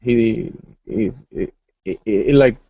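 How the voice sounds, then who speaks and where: Man with an accent, halting casual talk, dry muffled call line. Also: lowish voice, slightly rough, no echo. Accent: foreign accent. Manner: halting, repeats words. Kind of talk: casual group call chat. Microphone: computer mic on video call.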